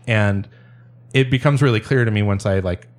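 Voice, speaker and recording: A man with a lowish voice recounts a story in a casual podcast conversation. He rambles, restarts his sentences and often breaks into laughter. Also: normal speed. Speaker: storyteller guest.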